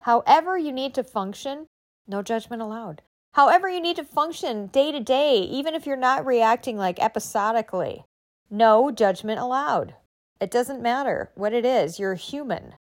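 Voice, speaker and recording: A woman's voice: a little high, lively intonation, normal speed. A woman giving a motivational talk, emphatic and encouraging, often asking rhetorical questions. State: recovering from illness.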